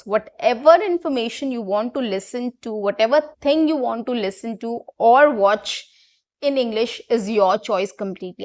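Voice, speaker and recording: A woman teaching a spoken English lesson to her viewers, patient and repeating her points with fillers. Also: fairly high pitch.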